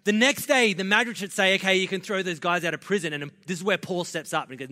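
A man preaching a sermon as pastor, passionate and building to loud, emphatic delivery. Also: high voice, quick pace, hardly any pauses. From Australia. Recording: long reverb of a large hall.

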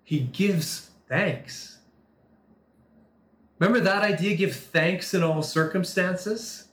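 A man preaching a sermon, talking through a scripture passage in a conversational way, with quick asides and slower, dramatic reading. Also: sits high, lively intonation, a bit bright, reverberant. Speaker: pastor.

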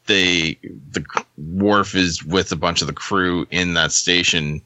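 A man co-hosting a podcast, chatting casually over a remote call, halting and often laughing. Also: deep voice, fairly even intonation, pushed and bright, no room sound. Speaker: podcast co-host. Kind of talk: casual group chat on a call. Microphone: own mic on a remote call.

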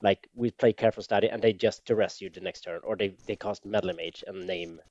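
A man co-hosting a podcast in a casual chat, talking loosely with quick asides. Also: on the low side, steady tone, a little mellow, no room sound, dull audio. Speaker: podcast co-host.

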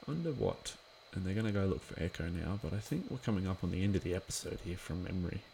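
A man's voice: sits low, lively intonation, quick pace, vocal fry, mellow, slight background noise. A man giving a casual watch-along commentary of an episode, chatty and rambling with lots of filler words.

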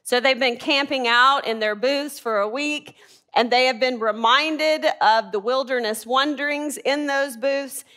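A woman's voice: on the high side, a bit bright. A woman teaching a Bible class, asking the group questions and answering them herself.

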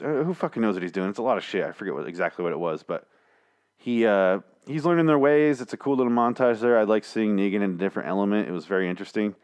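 This solo podcast host's voice sits low, with a darkish yet clean tone. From a small studio, headphones on and speaking into a studio mic, he rambles through a casual recap laced with profanity and jokes.

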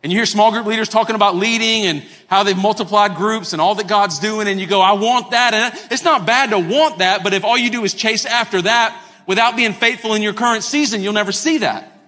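Bright high-voiced man preaching. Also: a little fast. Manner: animated, acts out quoted voices, repeats words. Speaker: pastor. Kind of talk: sermon. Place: church sanctuary. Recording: long hall reverb, faint music.

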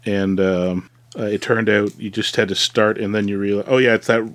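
A man's voice: on the low side, fairly even intonation, normal speed, fairly bright tone, no room sound. A man co-hosting a podcast, chatting casually and rambling with many fillers while he builds something. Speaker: podcast co-host.

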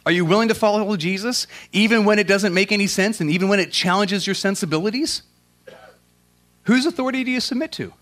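A man preaching with a slightly high voice, mixing casual slang into his sermon. He swings from loud, emphatic questions down to quiet, earnest prayer. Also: fairly quick. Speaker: pastor.

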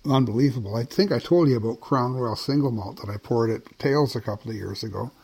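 A man's voice: medium pitch, quick pace, vocal fry, darkish tone, breathy edge. An older man from Canada, chatting on a podcast in an easygoing, anecdotal way. He tells stories with a chuckle and a mid-range voice. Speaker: podcast co-host, whisky writer. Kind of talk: casual chat.

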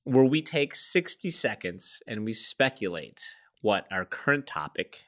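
A man with a fairly low voice, chatting casually on a podcast. He is animated and playful and pokes fun at himself as he riffs on ideas. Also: a little slow. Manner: animated, playful, self-mocking. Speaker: podcast co-host. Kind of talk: casual chat.

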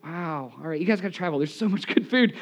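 A man with a high voice preaches to his congregation. He is losing his voice and sounds hoarse. He tells lively, self-mocking stories into a live microphone in a church. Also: fast talker. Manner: animated, self-deprecating storyteller. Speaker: pastor. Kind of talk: live sermon with storytelling.

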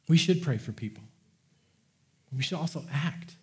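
A man's voice: mid-range voice, moderate pace, creaky, pauses often. A man preaching a sermon, impassioned and repetitive, often restarting his words as he builds a point. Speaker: pastor.

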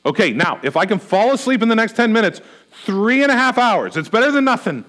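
A man's voice: sits high, big pitch swings, brisk, a bit bright. A middle-aged man preaching a sermon as a pastor, earnestly voicing a string of anxious questions before turning to teaching.

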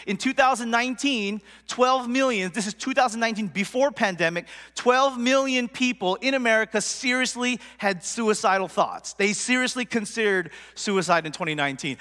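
A man's voice: sits high, pushed and bright, long reverb tail. A man preaching a casual sermon as a pastor, earnest and conversational, with lots of "like" and "right?".

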